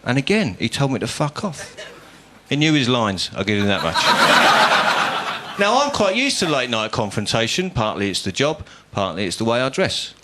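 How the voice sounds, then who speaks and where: A man's voice: mid-range voice, big pitch swings, moderate pace, very noisy. A man from England, doing a stand-up routine on a comedy club stage, telling a story in a dry, self-mocking way. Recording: live club with loud audience laughter.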